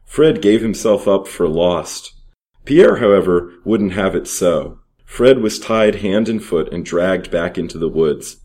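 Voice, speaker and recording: A man reading aloud an old adventure story and period advertisements in a steady, measured way. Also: sits low. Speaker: reader.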